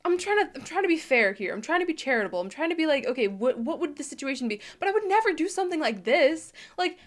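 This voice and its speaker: A woman in her twenties hosting a casual reaction video, reading an online post aloud and reacting with animated, slangy emphasis. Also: very high-pitched, quick pace. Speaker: YouTube host.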